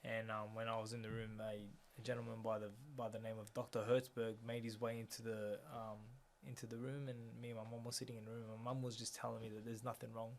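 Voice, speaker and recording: A young man telling a personal story as a guest in a conversation, speaking quietly and reflectively, often letting his voice drop softer. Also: lowish voice, level tone, fast talker, gravelly, few pauses, slight background noise. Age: young adult.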